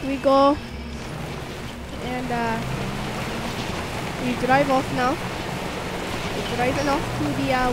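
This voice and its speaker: A very high-pitched female voice narrates play in an unhurried, drawn-out way. She rambles and jokes, often breaking into fake panic. Loud noise hisses behind her throughout. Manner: rambling, goofy, swings into mock panic. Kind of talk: playful narration over gameplay.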